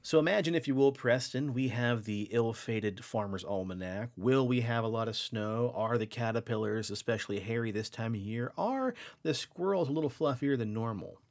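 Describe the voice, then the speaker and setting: Male podcast host, mid pitch, lively swooping delivery, playful storyteller. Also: normal speed, hardly any pauses. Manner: playful, animated, teasing his co-host. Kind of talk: casual folklore storytelling.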